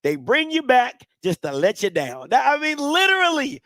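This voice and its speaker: Animated high-pitched man ranting about sports. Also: moderate pace, no room sound, studio quality. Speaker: sports show host. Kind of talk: opinionated sports commentary.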